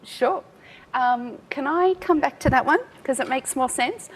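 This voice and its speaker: A woman's voice: sits high, a little slow, slight background noise. Chatty woman giving a live tech demo. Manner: chatty, self-mocking, laughs often. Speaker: tech speaker. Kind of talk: live software demo talk.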